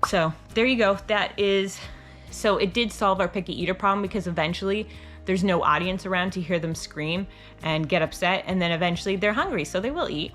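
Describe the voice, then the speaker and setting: A woman's voice: fairly low pitch, a little fast, a bit bright, faint music behind. A middle-aged woman hosting a homeschool channel, giving casual advice in a chatty, rambling way with frequent restarts. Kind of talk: casual advice talk to camera.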